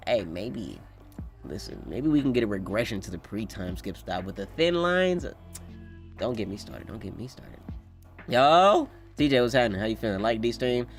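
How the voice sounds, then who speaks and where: A man's voice: mid-range voice, sing-song, a little fast, creaky, faint music behind. A man streaming a live reaction, chatting loosely with swearing, reading chat aloud and laughing often. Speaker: streamer reacting to a manga chapter.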